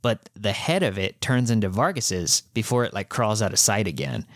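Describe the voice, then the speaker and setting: A man's voice: lowish voice, sing-song, moderate pace, dry recording, clean studio sound. A man co-hosting a podcast, recapping a manga in loose, rambling casual chat, full of fillers and casual swearing. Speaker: podcast co-host.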